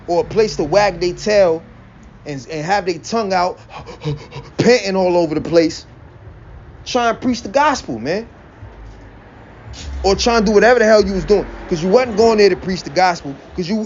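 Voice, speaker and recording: A man's voice: sits high, a little mellow. A man in a blunt, profane, preachy rant, quoting scripture and laughing between points. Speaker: religious vlogger. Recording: dull lo-fi recording with faint vehicle noise.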